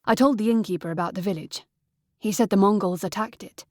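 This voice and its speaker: A tall, steady young man, read by a woman narrator talks in a calm, matter-of-fact way. The audiobook voice is close and dry, with an even pitch. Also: a little fast, dry recording, close to an everyday voice.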